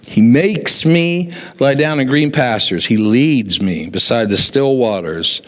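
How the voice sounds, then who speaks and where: A pastor preaching a sermon, telling stories and acting out the voices of the people in them. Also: male voice, mid-range voice, slow pace. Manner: animated storyteller, acts out quoted voices. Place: church sanctuary. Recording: long hall reverb in a church.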